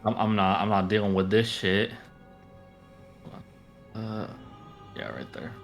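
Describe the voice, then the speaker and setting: A man's voice: on the low side, animated, measured pace, vocal fry, music in the background. A man playing a tabletop role-playing game in casual chat, often stumbling and repeating words and swearing. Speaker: player.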